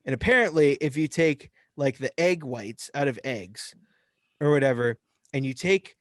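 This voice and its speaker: A man's voice: medium pitch, moderate pace, no room sound, clean studio sound. A young man, a podcast co-host, telling a story in casual chat and acting out the voices of the people in it. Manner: animated, acts out voices in anecdotes.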